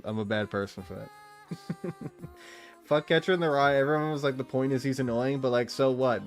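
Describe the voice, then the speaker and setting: A young man chats loosely as he plays, with a mid-pitched voice. He wanders from thought to thought, swears without care and laughs often. Soft music plays quietly underneath. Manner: rambling, profane, laughs often. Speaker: streamer. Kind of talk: casual gaming chat.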